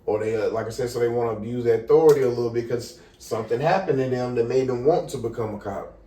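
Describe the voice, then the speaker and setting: A young man casually telling a story on a podcast, animated and profane, acting out the people in it. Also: medium pitch, quick pace. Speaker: podcast co-host. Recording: echoey room, far from the mic.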